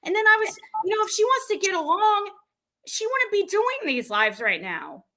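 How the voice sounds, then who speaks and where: A woman with a cold hosts a casual livestream chat, exasperated and rambling, full of fillers and half-finished sentences. Her voice is high and bright. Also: sing-song, moderate pace, rough recording. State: has a cold. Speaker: livestream host.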